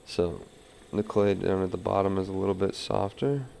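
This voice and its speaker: A man's voice: sits low, steady tone, normal speed, creaky, warm tone, a little hiss or hum. A man teaching wheel-throwing as he works, talking through each step and counting pulls under his breath. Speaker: pottery instructor. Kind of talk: live throwing demonstration.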